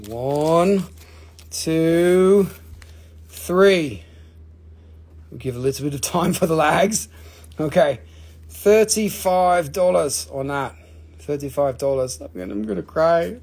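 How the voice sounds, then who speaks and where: A fairly high-voiced man with a husky edge runs a casual live-stream auction. He talks in an excitable, joking way and swears freely. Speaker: live-stream crystal seller.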